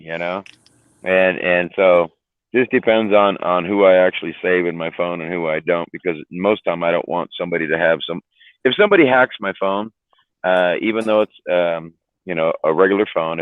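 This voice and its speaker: Low-voiced tired man, tinny stream. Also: no room sound. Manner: rambling, joking, laughs often. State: tired, worn out. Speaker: livestream host. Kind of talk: casual chat. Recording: tinny phone-like livestream audio.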